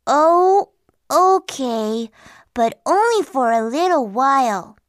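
A tiny, timid boy frog from a children's storybook who keeps pleading to go home, played by a woman. His voice is high and bouncy with lots of rise and fall, and he speaks slowly. The recording is dry and close. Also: sing-song, no echo, exaggerated voice. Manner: whiny, pleading. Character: small timid young male frog, eager to get home. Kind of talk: storybook acting.

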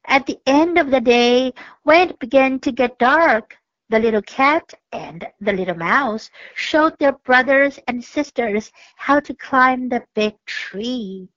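A woman's voice: high voice, a bit bright, no room sound. A woman English teacher giving a picture-book lesson, explaining patiently and reading the story aloud. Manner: slow, careful, patient explaining. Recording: dull lo-fi dry recording.

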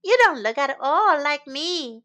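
A woman's voice: high voice, very animated, measured pace, pitched above the performer's own voice, heavily acted. A woman voicing a confident, teasing male deer in a children's story. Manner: teasing, shouting.

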